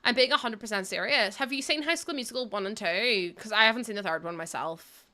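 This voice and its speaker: A woman in her thirties streaming from her room at home, chatting to her viewers while she plays, giggly and animated. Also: on the high side, fast. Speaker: livestreamer. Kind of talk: casual chat while gaming.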